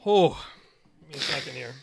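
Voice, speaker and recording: A man co-hosting a comedy podcast from a home setup, chatting in casual banter, excitable, laughing a lot and swearing freely. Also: medium pitch, a little fast, gravelly, husky, dry recording, clean studio sound. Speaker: podcast co-host. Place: home studio at co-host's house.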